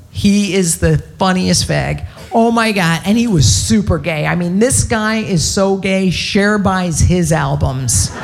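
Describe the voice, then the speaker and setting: A woman's voice: mid-range voice, gravelly, a little mellow, slight background noise. A woman doing a stand-up comedy set on stage, brash, profane and punchy. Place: on stage at a live show.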